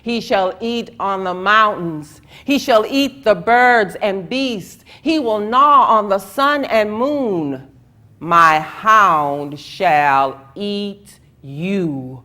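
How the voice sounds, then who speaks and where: A woman storyteller voicing a towering male god who speaks in slow, booming commands. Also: expressive, pushed and bright, exaggerated voice. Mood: stern.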